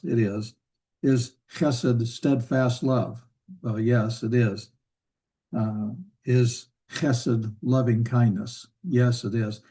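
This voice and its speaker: Relaxed man teaching a Hebrew class. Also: mid-range voice. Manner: relaxed, thinking aloud with fillers and rhetorical questions. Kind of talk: classroom lecture. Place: church classroom.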